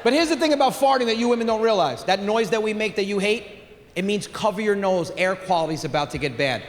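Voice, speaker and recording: Brash high-voiced stand-up comic man. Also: slight background noise. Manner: brash, crude, animated storytelling with shouted punchlines. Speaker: stand-up comedian. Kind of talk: stand-up comedy set. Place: large theater on stage. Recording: live theater recording with long reverb.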